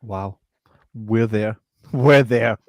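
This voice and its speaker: A man's voice: on the low side, drawn-out words, darkish tone, no room sound, clean studio sound. A man hosting a casual podcast, joking, swearing freely and reading out listener messages. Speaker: podcast host. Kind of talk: casual chat.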